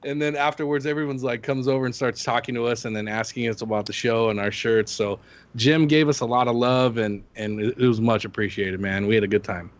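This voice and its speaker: A man co-hosting a casual sports podcast, telling a crude, animated story full of swearing. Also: medium pitch, brisk, lo-fi sound. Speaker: podcast co-host. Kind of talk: casual chat.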